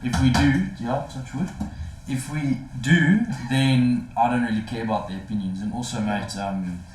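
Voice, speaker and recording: A man's voice: medium pitch, normal speed, reverberant, low-quality recording. A man co-hosting a casual sport podcast, full of "mate" and banter. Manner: lively, says "mate" a lot. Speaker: podcast co-host.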